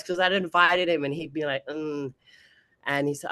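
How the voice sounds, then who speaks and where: A woman's voice: low voice, fairly even intonation, normal speed, fairly bright tone, no echo. A woman, chatting as an interview guest and laughing often between sentences. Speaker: bodybuilding competitor and guest. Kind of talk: casual interview chat.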